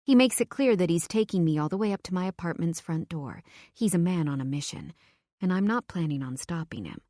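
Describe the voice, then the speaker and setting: A woman reads a first-person audiobook with expressive, intimate storytelling. Her voice sits a little low, and the recording is close and completely dry. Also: a little fast, dry recording. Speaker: audiobook narrator. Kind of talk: scripted first-person narration.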